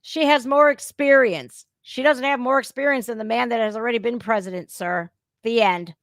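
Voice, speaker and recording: A high-pitched woman hosts a reaction show and rants angrily about politics. She is profane and emphatic, hitting her points hard. The sound is dry and close, with no room echo. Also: fairly even intonation, fairly quick, fairly bright tone. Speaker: reaction channel host. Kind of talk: heated political rant.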